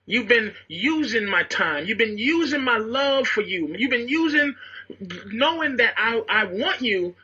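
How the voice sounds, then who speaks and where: A man on an archival radio clip telling a story loudly and bluntly, laughing as he goes, on a muffled recording. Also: extremely high pitch, lively intonation, a little slow, slightly rough. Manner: brash, blunt, laughing through his story. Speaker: comedian on a radio show clip. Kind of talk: loud storytelling advice.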